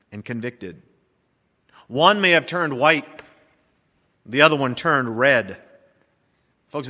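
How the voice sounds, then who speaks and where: Man, middle-aged, pastor, sermon, dramatic, emphatic then hushed, bright, long church reverb. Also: fairly high pitch. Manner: dramatic, swings between emphatic and hushed delivery. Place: church sanctuary.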